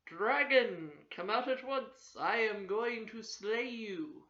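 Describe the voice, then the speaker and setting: A woman's voice: medium pitch, lively intonation, moderate pace, a bit bright, close to an everyday voice. An older woman voicing an earnest, polite little male frog in a storybook read aloud, in a roomy, slightly dull home recording. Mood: firm. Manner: eager, polite.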